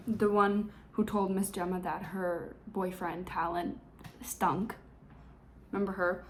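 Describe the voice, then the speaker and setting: A woman's voice: mid-range voice, a little mellow, a little hiss or hum. Chatty, sarcastic young woman reviewing books. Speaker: book reviewer. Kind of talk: casual vlog book summary.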